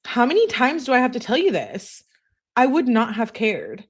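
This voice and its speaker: A woman's voice: on the high side, huge pitch swings, normal speed, slightly rough. A woman giving casual, sarcastic reaction commentary while reading text messages aloud, with blunt, slangy asides. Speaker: true-crime commentator.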